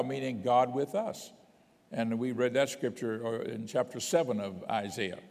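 A man's voice: mid-range voice, steady tone, a little slow, gravelly, a little mellow, big-room sound. A man, a bishop, teaching a sermon, reading scripture aloud with emphasis between plain explanation.

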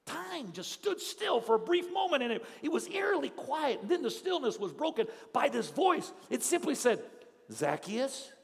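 A male pastor preaching a sermon in a dramatic storytelling manner, swinging from hushed tones to shouts. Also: extremely high pitch, sing-song, normal speed, gravelly, hardly any pauses. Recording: long hall reverb, faint crowd.

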